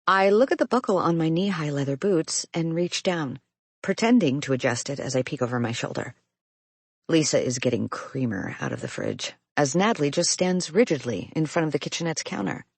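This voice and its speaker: Husky, low-voiced woman narrating an audiobook. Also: brisk, no room sound. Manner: intimate, expressive storytelling. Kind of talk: first-person audiobook narration.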